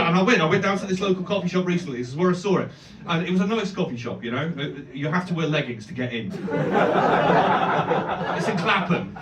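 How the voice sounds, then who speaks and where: A man doing an animated stand-up set, swearing and breaking into loud exclamations. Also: sits high, fast talker, a loud crowd. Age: 30s. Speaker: stand-up comedian. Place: comedy club stage. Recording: echoey club heard from a distance. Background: audience laughter.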